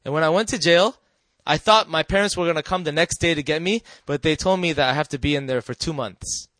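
A man shares a personal testimony with a live audience, his voice sitting a little high for a man. He talks earnestly, keeps drawing the listeners in with quick questions and sinks soft and quiet at the tender parts. The sound is dry and close, with no room echo. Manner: storytelling, often asking the listeners "right?". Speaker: speaker sharing a personal testimony.

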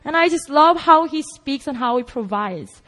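Young woman pastor, high voice, animated testimony in a sermon. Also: normal speed. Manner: animated storytelling, mixing in Korean words. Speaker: intern pastor.

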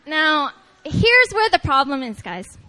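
A woman preaching at a prayer meeting, talking to the congregation in an animated, playful way and calling on them to respond. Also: high voice, slow pace, poor audio. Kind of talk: lively conversational sermon.

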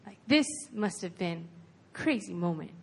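A woman's voice: on the low side, expressive, moderate pace, vocal fry, a little mellow, breathy edge. A woman preaching a sermon in an earnest, conversational way, retelling a scripture story with lots of casual "like"s.

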